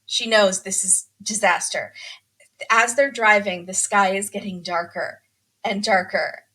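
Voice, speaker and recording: A woman hosting a podcast, chatting casually and telling a story with lively acted-out quotes. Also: medium pitch, unhurried, breathy edge. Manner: animated storytelling, acts out quotes. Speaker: podcast host. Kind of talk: casual chat, recapping a reality show.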